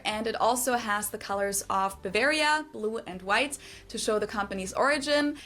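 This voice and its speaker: Woman explaining in clear English. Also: mid-range voice, fairly bright tone. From Germany. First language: German. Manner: clear, informative, measured. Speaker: explainer in a played video. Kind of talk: scripted explanation.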